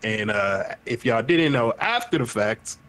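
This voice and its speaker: A man hosting a casual podcast chat, talking in an animated, emphatic way and cursing freely. His pitch sits in an ordinary middle range, neither high nor low. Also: measured pace. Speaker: podcast host.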